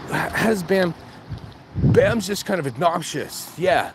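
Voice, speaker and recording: A man's voice: fairly high pitch, measured pace, noisy background. A man vlogging on a dog walk, rambling and joking, laughing at himself as he talks. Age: adult with kids. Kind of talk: casual walk-and-talk monologue.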